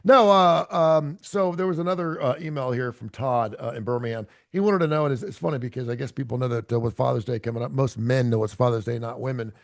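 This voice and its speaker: A man's voice: medium pitch, fast, creaky, hardly any pauses, dry recording, clean studio sound. A middle-aged man hosting a radio talk show, chatting casually in a rambling, self-deprecating way full of fillers and restarts. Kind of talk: casual chat.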